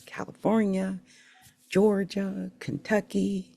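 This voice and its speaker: A middle-aged woman from the Philadelphia area recounts her life in a rambling, heartfelt monologue. Her voice carries a gravelly fry, sits at a middling pitch, and is recorded dry and close. She halts and restarts often as feelings rise. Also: flat delivery, mellow, dry recording. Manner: rambling, candid, emotional, halting with restarts. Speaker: channel host sharing her life story. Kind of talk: personal storytelling monologue.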